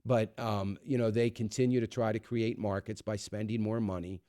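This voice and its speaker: Low, dark-voiced sarcastic American man. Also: fairly even intonation, normal speed, no echo, clean studio sound. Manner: sarcastic, opinionated. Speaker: radio talk show host. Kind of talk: radio commentary on economic news. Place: radio studio. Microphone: studio microphone.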